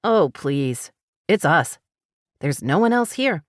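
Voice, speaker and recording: A woman's voice: sits low, big pitch swings, slow pace, dry recording, studio quality, full character voice. Woman reading as a chatty local woman.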